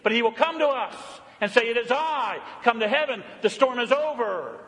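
Pastor guy preaching, voice sits high, drops way soft then punches back up loud, church reverb. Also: animated, normal speed, hardly any pauses. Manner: swings from loud, emphatic declarations to soft, hushed tenderness; repeats phrases for emphasis. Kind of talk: sermon.

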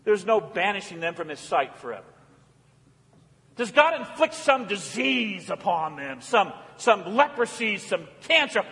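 A male pastor preaching with a high, ringing voice that swings from forceful calls to near-whispered pleas. His words hang in a long church reverb. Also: big pitch swings, unhurried. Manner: impassioned, swinging from loud calls to hushed pleas. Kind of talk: sermon.

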